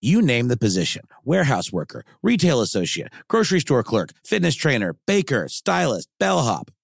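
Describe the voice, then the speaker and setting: Gravelly upbeat male ad reader. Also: mid-range voice, wildly swooping pitch, moderate pace, no room sound, studio quality. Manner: upbeat, salesy. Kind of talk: ad read.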